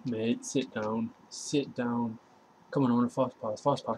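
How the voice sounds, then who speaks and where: A young man talks over his football game in a loose, excitable commentary, full of slang and asides to his opponent. His voice sits at an ordinary pitch, with a faint hiss of noise behind it. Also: unhurried, poor audio. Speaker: gaming YouTuber. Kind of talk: casual gameplay commentary.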